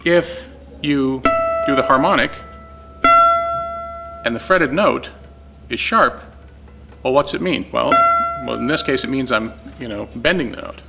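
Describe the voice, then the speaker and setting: A man's voice: medium pitch, a little slow, vocal fry, long pauses. A man teaching guitar setup in a casual, step-by-step way while demonstrating on an instrument. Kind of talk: informal technical explanation.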